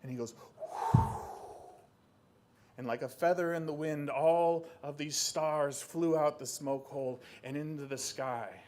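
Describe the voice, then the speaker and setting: Animated man telling a folk tale live, bit of a higher voice, faint room hum behind. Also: normal speed, hardly any pauses. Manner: animated, lots of voices and sound effects. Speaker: storyteller. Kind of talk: live oral storytelling.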